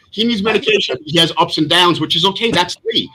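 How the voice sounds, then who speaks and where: A man's voice: sits high, fast talker, pushed and bright, slightly rough. A man on a podcast panel arguing bluntly in a heated casual debate, lecturing and swearing freely, heard over a video call.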